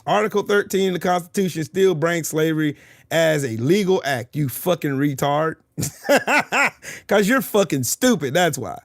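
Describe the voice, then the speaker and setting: Male streamer, fairly high voice, profane and boastful, heckles and repeats taunts; dry close sound. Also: animated, a little slow, no echo. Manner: taunting, mocking, repeats his jabs. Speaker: streamer arguing with chat. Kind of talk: livestream trash talk.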